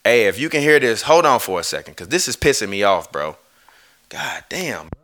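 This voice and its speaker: A man's voice: medium pitch, very animated, brisk, pushed and bright. A man ranting on a live stream, heated and swearing, often breaking off to apologize. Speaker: streamer ranting about basketball.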